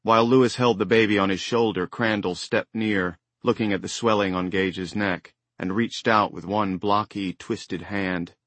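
A man reading a novel aloud as an audiobook narrator, measured and even. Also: lowish voice, dry recording. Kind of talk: scripted narration. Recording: dry close studio sound.

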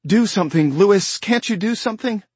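A man's voice: a little high, sing-song, measured pace, husky, no room sound, voice pushed up, full character voice. A man voicing an anxious young mother, raised and urgent. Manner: urgent, pleading.

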